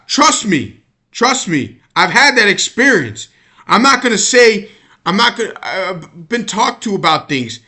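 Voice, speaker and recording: A man's voice: high-pitched, very animated, moderate pace, bright, forceful tone. An American man giving a rambling, exasperated sports-opinion monologue, often repeating and restarting his words. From United States. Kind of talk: casual monologue rant.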